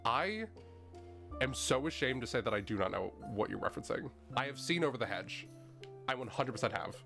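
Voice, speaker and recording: A man's voice: medium pitch, fast, creaky. Chatty male streamer rambling over game music. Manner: rambling, chatty, lots of "like" and restarts, mild swearing. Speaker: streamer playing a video game. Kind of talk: casual gameplay commentary, reading game text aloud. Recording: faint game music underneath.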